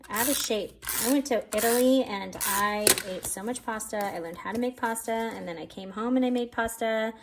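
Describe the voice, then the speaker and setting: A woman with a gravelly, medium-pitched voice hosts a casual card-making tutorial, speaking directly to viewers as she works. She's chatty and self-deprecating and sounds a little out of breath, with a slight hiss or hum in the recording.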